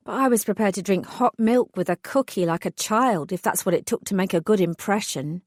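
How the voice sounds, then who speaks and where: A woman reads a first-person fantasy audiobook with wry, expressive delivery. Her voice sits at an ordinary pitch and is recorded close and very dry, with no room sound. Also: brisk, no echo. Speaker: audiobook narrator. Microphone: close studio mic.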